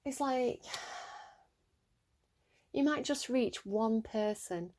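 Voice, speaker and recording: Young English woman, tarot reader, casual and excitable, laughs often, bright higher voice, dry close sound. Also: extremely slow, no room sound. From England. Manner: rambling, giggly and excitable.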